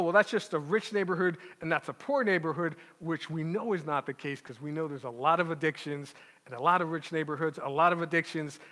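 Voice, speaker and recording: A man with a high, bright, forceful voice preaches a sermon, emphatic and punchy, tossing out rhetorical "right?" checks and slowing down to lean on key words. His voice rings out with the long reverb of a large hall. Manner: emphatic, rhetorical "right?" asides, slows for stress. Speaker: pastor.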